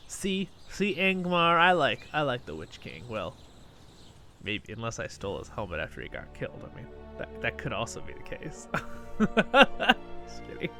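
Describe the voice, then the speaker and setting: A man's voice: fairly low pitch, a little fast, creaky, soft background music. A sleepy man hosting a gaming channel, chatting casually at his computer into a new microphone and chuckling often. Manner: relaxed and rambling, chuckles often. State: sleepy, just woke up. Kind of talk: casual gameplay commentary. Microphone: new desktop microphone.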